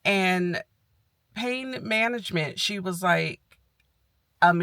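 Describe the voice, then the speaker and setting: A woman's voice: deep voice, measured pace, vocal fry, dry recording, studio quality. A woman in a casual vlog, candidly and animatedly telling a personal story and quoting what others said to her. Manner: candid and animated, retelling with quoted dialogue. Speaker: health vlogger.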